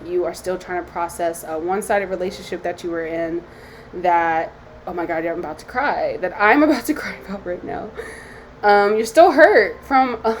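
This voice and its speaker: A woman's voice: on the low side, normal speed, background noise. A young woman, a psychic medium, talking candidly to her phone camera, emotional and close to tears, swearing freely. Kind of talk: emotional self-talk vlog.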